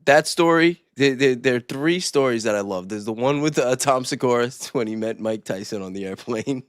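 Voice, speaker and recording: A man's voice: medium pitch, normal speed, no room sound, clean studio sound. A man co-hosting a casual live stream, rambling through stories with frequent laughs and restarts. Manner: rambling, laughs often, restarts mid-sentence. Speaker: stream co-host. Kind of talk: casual chat.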